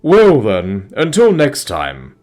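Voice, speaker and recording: A man voicing a kind, motherly female dragon who speaks politely and teases gently in a storybook reading. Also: medium pitch, huge pitch swings, takes it slowly, pitched above the performer's own voice. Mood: fond teasing. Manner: polite, wistful, playful.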